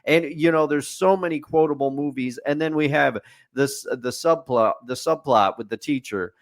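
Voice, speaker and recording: On a laid-back sports podcast, this male co-host talks at a moderate pace in a fairly high voice. Opinionated and methodical, he dissects each point in turn, stacking up lists with a recurring refrain.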